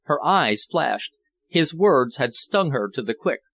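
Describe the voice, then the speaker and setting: Man reading a novel, calm and measured, plain audiobook narration. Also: mid-range voice.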